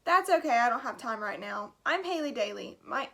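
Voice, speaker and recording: A woman's voice: a little high, animated, moderate pace, vocal fry, a bit bright, exaggerated voice. A woman voicing a self-assured teenage girl in a storybook. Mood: impatient.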